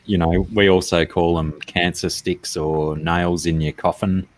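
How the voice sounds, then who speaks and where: An Australian man with a very low, deep voice, chatting casually on a podcast. He rambles easily and pokes fun at himself, trailing off and restarting as he goes. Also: level tone, measured pace, dry recording. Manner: easygoing, rambling, self-deprecating. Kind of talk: casual chat.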